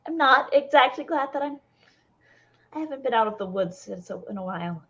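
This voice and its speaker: A woman voicing a breathy, nervous dragonborn woman. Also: sits high, lively intonation, brisk, fairly bright tone, muffled recording, pitched above the performer's own voice. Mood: anxious. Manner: hesitant, stammering.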